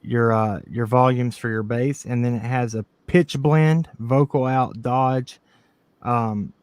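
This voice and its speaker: A man chatting casually on a livestream, excitable and quick to laugh. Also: medium pitch, clean tone, no room sound. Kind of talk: casual stream chat.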